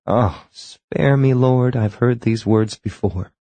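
Man doing a teasing high society lady. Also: takes it slowly, dark tone, dry recording.

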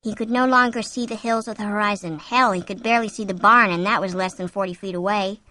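A woman narrating a story aloud in steady scripted narration, slowing down at tense moments. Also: mid-range voice. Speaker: audiobook narrator.

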